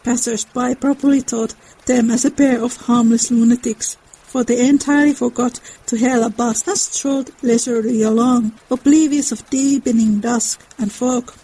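A woman narrating a classic novel as a dramatic reading, expressive and measured. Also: fairly high pitch, husky, low-quality recording. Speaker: reader.

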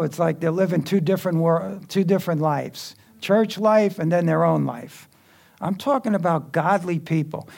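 A man's voice: a little high, gravelly, a little mellow. A man preaching a sermon in a church, talking conversationally with quips and asides to the congregation.

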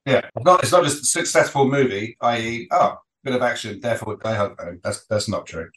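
A man's voice: medium pitch, brisk, a bit bright, rough recording. A man co-hosting a film podcast remotely, talking in loose, rambling sentences with dry jokes. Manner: rambling, many restarts and asides, wry jokes. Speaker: podcast co-host. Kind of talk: casual film-review chat. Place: remote recording, apart from co-host.

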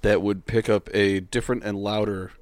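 Chill young guy on a podcast, lowish voice, super dry close mic, swears and laughs a lot. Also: little pitch movement, normal speed, dry recording. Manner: laid-back, laughs often, swears casually. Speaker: podcast co-host. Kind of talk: casual podcast chat.

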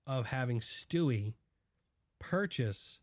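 A man co-hosting a casual podcast, recapping a TV episode and slipping into quick impressions of the characters' lines. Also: mid-range voice, lively intonation, no room sound, studio quality. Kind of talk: casual chat.

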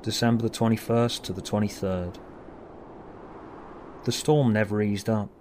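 Low-voiced man narrating a horror story. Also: steady tone, darkish tone, slight background noise. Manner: measured, dramatic. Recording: narration over music.

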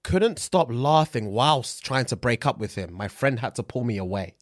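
A man, co-hosting a podcast, reacting loudly and acting out scenes in voices. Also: mid-range voice, moderate pace, dry recording, clean studio sound. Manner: animated, swearing, acts out scenes in voices. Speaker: podcast co-host. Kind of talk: casual banter.

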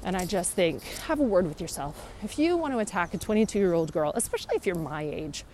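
A woman's voice: lowish voice, lively intonation, brisk. Vlogger, Canadian woman in her 30s, opinionated street rant, heavy traffic noise. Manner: opinionated, emphatic, ranting. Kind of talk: casual chat to camera. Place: outdoors by a busy road. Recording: loud traffic noise behind.

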